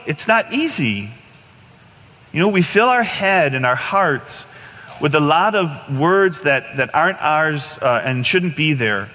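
A man preaching a sermon in an earnest, conversational way, often restarting and saying "you know" as he talks. His voice is bright and a little high. It rings out with a long reverb, as in a large church hall. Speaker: priest. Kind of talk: sermon with personal story.

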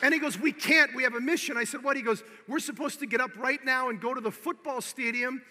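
Man, preacher, animated storytelling sermon, very bright tense tone, long reverb. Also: very high-pitched, quick pace. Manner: animated storyteller, acting out both sides of the dialogue; swings from hushed and tearful to loud exhortation.

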